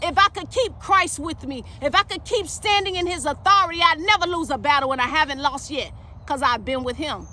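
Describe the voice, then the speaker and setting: A woman's voice: high-pitched, fairly quick, bright, forceful tone. A woman preaching with fire, emphatic and direct, calling her listeners baby. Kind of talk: fiery preaching monologue.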